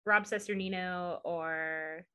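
A woman from the US South co-hosting a podcast, recapping a TV episode in animated, chatty talk full of "like" and "um". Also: on the low side, slow, smooth. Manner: chatty and animated, laughs often, leans on "like" and "um". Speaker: podcast co-host. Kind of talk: casual chat, recapping a TV show.

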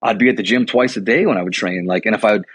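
A man's voice: fairly low pitch, rapid-fire, fairly bright tone, husky. A man from Milwaukee, a combat sports coach, rambling through a casual chat with lots of "like" and "you know". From Milwaukee, USA. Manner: rambling storyteller, heavy use of "like" and "you know". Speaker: boxing and Muay Thai coach, guest.

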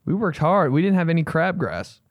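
A young man rants through a comic story with a lively, swooping pitch. He curses freely and keeps a casual podcast energy. His voice sounds close and dry, with no room around it. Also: fairly quick, no echo. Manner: animated storytelling, swears a lot, bursts into yelled impressions. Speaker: podcast host. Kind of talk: casual comedic podcast rant.

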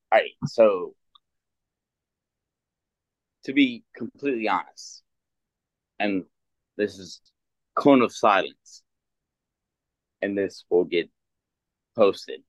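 A man's voice: fairly low pitch, no echo. A man who works offshore, a podcast guest in casual chat, talking hesitantly with many fillers. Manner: slow, hesitant, filler-heavy. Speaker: guest, offshore oil worker. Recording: dull, dry lo-fi audio.

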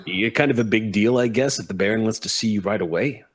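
A man's voice: on the low side, quick pace, husky. A man voicing a crude, nosy male Redcap fae who swears freely and pries bluntly, in a tabletop role-play. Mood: prying.

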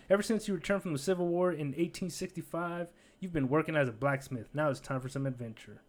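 A man's voice: on the high side, fast, hardly any pauses. A man casually reading a choose-your-own-adventure book aloud, breaking off with jokey asides. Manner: jokey, digressive, laughs at his own asides.

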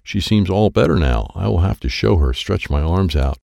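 A man's voice: low voice, expressive, moderate pace, vocal fry, mellow, no room sound, clean studio sound. A man narrating a children's storybook in the first person as a boy, in plain, simple sentences. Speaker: audiobook narrator.

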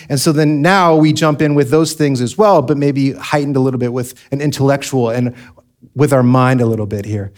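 A man's voice: medium pitch, a little mellow. A young adult man preaching a sermon, telling his own testimony in a candid, conversational way with frequent restarts. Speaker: pastor.

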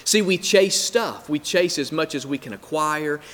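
A male pastor delivers a sermon with a fairly high voice and an emphatic, repeating rhythm. His words ring out with a long reverb from a church hall. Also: unhurried, a bit bright. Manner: emphatic, repetitive preaching rhythm.

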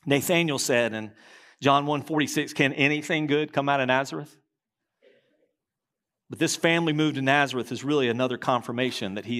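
A man preaching a sermon as pastor, reading quotations aloud, slowing and dropping low at key lines.

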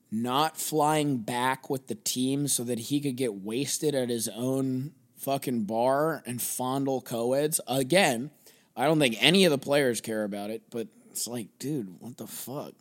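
Profane rambling man. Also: medium pitch. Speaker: podcast host. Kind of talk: solo sports podcast rant.

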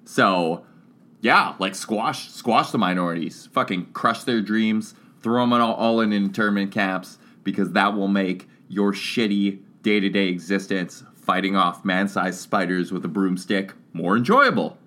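A man co-hosting a casual comedic chat, ranting sarcastically and reading out facts with a deadpan edge. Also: low voice, unhurried. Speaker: podcast co-host.

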